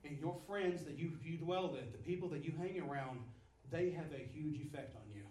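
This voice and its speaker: A man's voice: on the high side, brisk, a little mellow, echoey room, recorded from a distance, rough recording. A man preaching a sermon, emphatic and repetitive, his voice swelling and dropping. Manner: repetitive, emphatic, rises and drops in volume.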